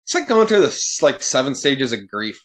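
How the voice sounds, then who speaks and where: A man as a podcast guest, talking in casual chat and sounding exasperated, swearing freely and getting animated. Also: medium pitch, moderate pace.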